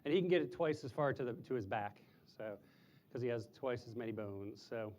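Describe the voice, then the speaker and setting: A man's voice: a little fast, a little mellow, muffled recording, slight background noise. A man presenting live animals to a group of children, chatty and explaining in simple terms, sometimes hooting like an owl. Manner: imitates owl hoots in a high voice. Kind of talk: live animal show for kids.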